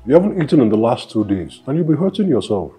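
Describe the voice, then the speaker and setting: An actor with a Nigerian accent playing a devout husband consoling his wife, speaking in a gentle, pleading, reassuring way. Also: medium pitch, sing-song, fast, slightly rough, faint music behind. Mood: coaxing. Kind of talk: film drama acting.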